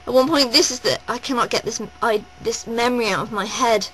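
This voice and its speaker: A woman vlogging at home, gushing and rambling in a breathless, excited rush. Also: fairly high pitch, fairly quick, a crowd in the background, rough recording. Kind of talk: excited personal vlog. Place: at home indoors.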